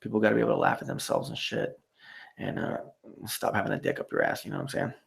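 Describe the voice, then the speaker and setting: Male live-stream host, low gravelly voice, casual and profane, rambling with lots of filler. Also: wildly swooping pitch, fast talker. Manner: rambling, profane, many "you know" fillers. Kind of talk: casual live stream sign-off, reading chat.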